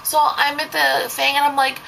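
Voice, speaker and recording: A woman's voice: sits high, little pitch movement, moderate pace, creaky, pushed and bright, slight background noise, rough recording. A young woman, a babysitter, telling a story in a casual vlog, rambling and saying "like" constantly. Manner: rambling, heavy use of "like".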